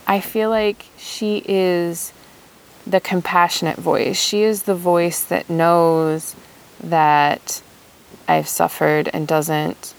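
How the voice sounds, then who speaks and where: Slow, gravelly-voiced reflective woman. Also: lowish voice, little pitch movement. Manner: thoughtful, hesitant, many pauses. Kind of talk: reflective personal monologue.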